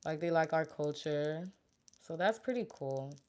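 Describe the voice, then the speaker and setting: A woman's voice: sits low, unhurried. A young woman chatting casually with her viewers while doing her makeup. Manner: chatty, animated, talks to viewers and chat. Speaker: beauty vlogger and makeup artist.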